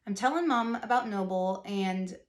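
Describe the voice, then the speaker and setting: A faith vlogger in her thirties shares a personal faith story in a medium-pitched voice at a moderate pace, and the sound is roomy. She is chatty and earnest, rambling casually with lots of "like" and heartfelt asides.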